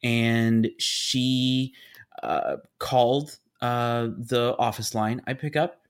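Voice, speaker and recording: A man in his thirties, animated and emphatic, casually telling a story on a podcast. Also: mid-range voice, drawn-out words, smooth.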